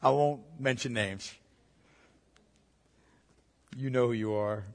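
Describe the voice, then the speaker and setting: A middle-aged man preaching a sermon, conversational and animated, with joking asides. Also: medium pitch, slow. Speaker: pastor. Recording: reverberant hall.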